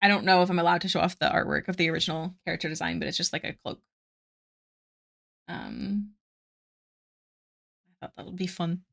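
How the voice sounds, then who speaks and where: Bright-voiced young woman streamer chatting. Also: lowish voice, fairly even intonation, fairly quick, gravelly, pauses often. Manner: chatty, bubbly, reads chat aloud and thinks aloud. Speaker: art streamer. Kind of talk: casual live-stream chat while drawing.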